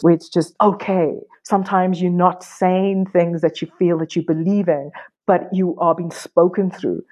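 A woman artist, a podcast guest, telling stories frankly and casually, swearing and quoting others in lively voices. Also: on the low side. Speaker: artist and workshop teacher, guest. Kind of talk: candid conversational storytelling.

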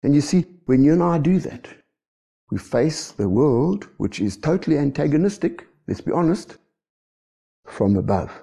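Brief: a male preacher, dark and husky voice, lively swings in pitch, checking in with the room. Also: moderate pace. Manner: animated, asks rhetorical questions. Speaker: pastor. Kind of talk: sermon.

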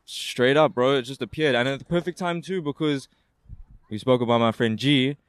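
Outdoors at a skate park, a man holding a handheld mic chats as a guest in an interview, rambling and using slang. His medium-pitched voice is clean, recorded dry, at a moderate pace.

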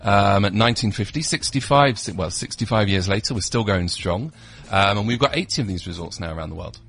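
Quick-talking British man pitching holidays. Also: lively intonation, a bit bright, soft background music. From United Kingdom. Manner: enthusiastic salesy pitch with frequent ums. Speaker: travel company representative, radio guest. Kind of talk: radio interview. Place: radio studio.

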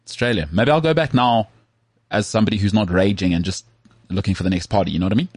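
A man's voice: on the low side, fast talker, slightly rough, dry recording. A man co-hosting a sports podcast, telling jokey stories in casual chat. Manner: joking, animated storytelling with frequent "mate" and laughs. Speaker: podcast co-host.

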